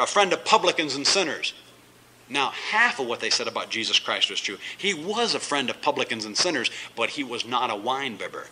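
A man's voice: fairly high pitch, pushed and bright, breathy edge, rough recording. A male pastor teaching a verse-by-verse Bible study sermon, reading scripture aloud and then explaining it with emphatic asides.

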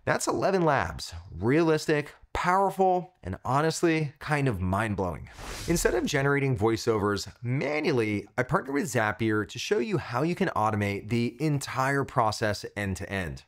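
Lively, upbeat male tech tutorial host. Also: medium pitch, normal speed. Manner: enthusiastic, punchy short phrases. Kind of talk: upbeat scripted product review.

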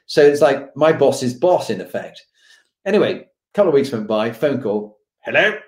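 A middle-aged man, a podcast host being interviewed, telling an anecdote with animated delivery. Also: medium pitch, normal speed. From United Kingdom. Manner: animated, acts out the voices of the people in his stories. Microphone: video call. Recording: roomy echoey room.

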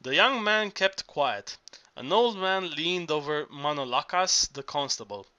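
A male audiobook reader with a bright, forceful voice that sits a bit high for a man. He narrates steadily but trips and restarts words often. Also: expressive, unhurried. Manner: frequent slips and restarts.

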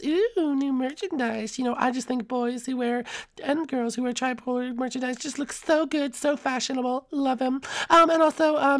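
A woman voicing a cheerful, chatty young princess who hosts the show, in a Minecraft role-play. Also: sits high. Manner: peppy, chatty, excitable. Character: cheerful, bossy young princess hostess, Peach. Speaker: series host.

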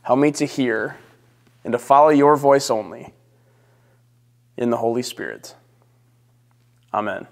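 A male pastor slowly reading scripture and leading prayer in a measured, solemn way. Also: medium pitch, in a large hall. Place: church sanctuary.

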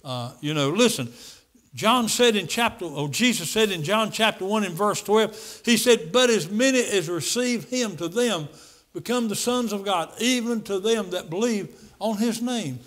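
A man's voice: high-pitched, lively intonation, normal speed, a bit bright. A man, the pastor, preaching a Sunday morning sermon, emphatic and repeating his key phrases. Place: church service.

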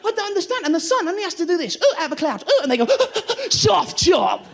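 A man's voice: extremely high pitch, very animated, racing, very noisy. A man doing stand-up in a theatre, manic and profane, acting out little scenes as he goes. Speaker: stand-up comedian. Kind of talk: stand-up comedy routine. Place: theatre stage.

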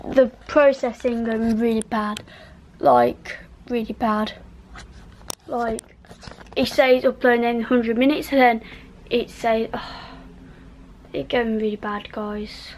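Female vlogger, UK, casual rambling chat, slightly high pitch, faint noise. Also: fairly even intonation, slow, pauses often, a little mellow, poor audio. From United Kingdom. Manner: rambling, lots of fillers and trailing off. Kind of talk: casual vlog talk. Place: home bedroom, indoors.

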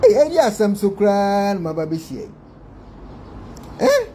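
Animated Ghanaian man vlogging. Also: high-pitched, a little slow, slight background noise. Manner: excitable, animated, mixing Twi and English. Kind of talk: casual commentary to viewers.

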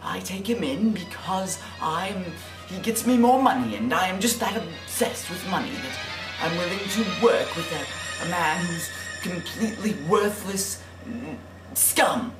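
A young man playing a greedy, contemptuous oil salesman in a student film, pompous and given to furious yelling. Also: sits high, lively intonation, a little slow, echoey room. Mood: smug. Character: greedy, cruel male oil salesman who bicycles. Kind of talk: amateur student film acting. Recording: background music under the voice.

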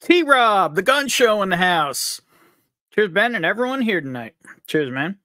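A cheerful man from upstate New York hosts a live stream, joking around as he greets viewers. His voice sits a touch high and swings up and down with lots of life. The sound is dry, with no room echo. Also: big pitch swings, moderate pace, pushed and bright. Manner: upbeat, jokey, reads out chat names. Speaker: livestream host.

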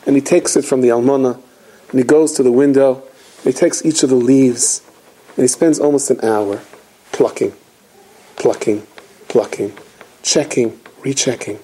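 A man's voice: medium pitch, normal speed, long pauses, slightly rough, rough recording. A man, a rabbi, giving an inspirational holiday talk, telling stories animatedly and acting out the quotes. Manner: animated storytelling with acted quotes.

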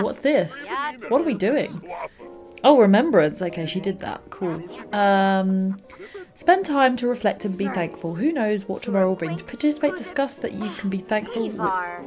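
A young woman hosting a let's play, chatting and reacting aloud to the game with frequent little laughs. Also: mid-range voice. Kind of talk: gameplay commentary.

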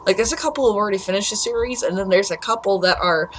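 A woman's voice: mid-range voice, quick pace, a little hiss or hum. A woman commentating a horror game, jumpy and swearing when startled, rambling in chatty asides to her viewers. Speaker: gameplay video host.

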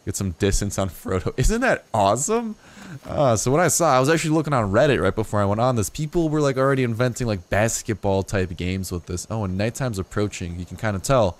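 Talking a little fast in a lowish voice, a young man offers relaxed, playful gameplay commentary as a gaming YouTuber. His remarks ramble with asides and flare into excited outbursts.

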